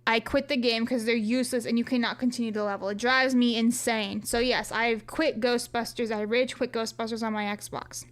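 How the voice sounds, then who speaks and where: A woman's voice: fairly high pitch, flat delivery, normal speed, hardly any pauses. A woman streamer chatting casually on a live stream, reading viewers' chat aloud and answering in a joking, profane way.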